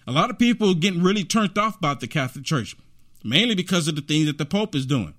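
A man delivers opinion commentary on a livestream. He talks in a preachy, emphatic way and leans toward indignation. His voice sits slightly high. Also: expressive, fast, a bit bright. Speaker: commentary host.

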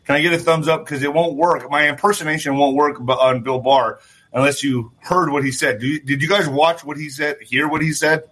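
A man with a bright, brassy voice and a husky edge ranting on a livestream. He is middle-aged, profane and animated, and he talks straight to his viewers as he acts out little scenes in voices. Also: fairly high pitch, brisk. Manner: talks to viewers directly, asks for thumbs up. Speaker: political commentary host. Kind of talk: livestream political rant.

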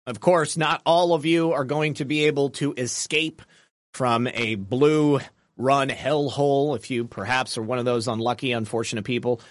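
A man hosting a casual livestream, chatty and animated as he comments and thanks viewers by name. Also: medium pitch, moderate pace, no room sound, clean studio sound. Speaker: livestream host.

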